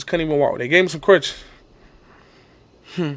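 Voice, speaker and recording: Young man, high and very lively voice, vivid vlog storyteller who acts out the scenes. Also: normal speed, creaky, pauses often. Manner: animated, acts out shouts and coaches' lines. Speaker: vlogger telling his injury story. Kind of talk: emotional storytelling to camera.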